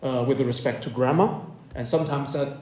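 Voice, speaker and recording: A man teaching university students a writing class, speaking in a measured way, repeating and rephrasing his points and checking in with "okay?". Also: mid-range voice, a little mellow. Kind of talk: classroom lecture. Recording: echoey classroom.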